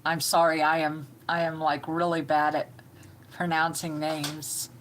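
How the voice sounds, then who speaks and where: A middle-aged woman, hosting a live stream with slow, homey chatter and greeting viewers by name. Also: low voice, flat delivery, a little hiss or hum. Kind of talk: casual live-stream chat.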